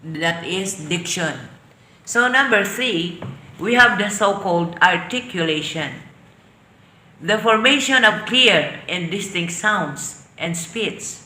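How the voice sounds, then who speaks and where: A woman with a Filipino accent teaching an online English class, defining terms slowly and then explaining them. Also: medium pitch, lively intonation, bright, forceful tone, roomy sound, slight background noise. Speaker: lecturer.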